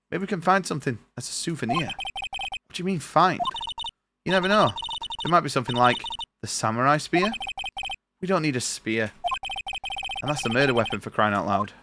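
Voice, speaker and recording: A young man streaming a game, chatting casually and reading its dialogue aloud in his own voice over a noisy recording. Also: mid-range voice. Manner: chatty, reads on-screen text in his own voice.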